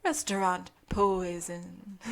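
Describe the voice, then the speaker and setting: Brief: podcast co-host, woman, mid-pitched, animated recap voice that acts out every character's line. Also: gravelly. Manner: animated, acts out characters' lines while recapping, laughs often. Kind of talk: casual rewatch podcast recap.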